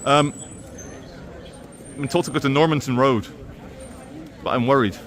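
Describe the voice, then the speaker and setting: A man's voice: mid-range voice, a little slow, fairly bright tone. Wry man vlogging on streets. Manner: wry, sardonic asides. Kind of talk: walking vlog commentary. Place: outdoors on city streets.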